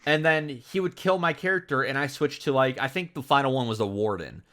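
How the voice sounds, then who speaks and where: A young man co-hosting a podcast in a relaxed, rambling way. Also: mid-range voice, brisk. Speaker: podcast co-host. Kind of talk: casual podcast chat.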